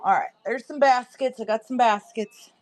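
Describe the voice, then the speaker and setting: Her voice is a little high and moves at a moderate pace, with slight background noise. A woman hosting a casual home live-stream sale, she's chatty, laughs a lot, and talks to both her audience and her pet.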